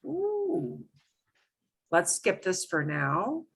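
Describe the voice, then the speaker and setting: A middle-aged woman teaching an online lesson, her bright voice slow and patient. She repeats points and leans hard on her examples, pitch swinging up and down as she explains. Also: very animated. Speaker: Spanish teacher.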